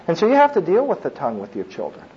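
A man's voice: fairly high pitch, huge pitch swings, racing, darkish tone, highs cut off, slight background noise. A middle-aged man giving a conversational sermon, with frequent asides and chuckles. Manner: conversational preaching with asides and laughs. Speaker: preacher. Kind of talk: sermon on child discipline.

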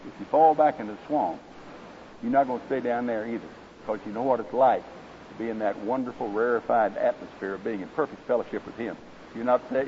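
A man with an Oklahoma accent preaching a sermon, folksy and conversational, then reading a parable aloud. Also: medium pitch. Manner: folksy, conversational and direct with listeners. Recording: slightly dull with faint hiss.

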